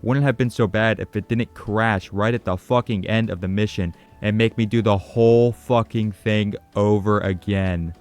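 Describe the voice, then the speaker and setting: A man's voice: on the low side, steady tone, moderate pace, hardly any pauses, a little mellow, faint music behind. A man narrating a comedic game recap in a crude, sarcastic way with constant swearing. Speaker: gaming commentator.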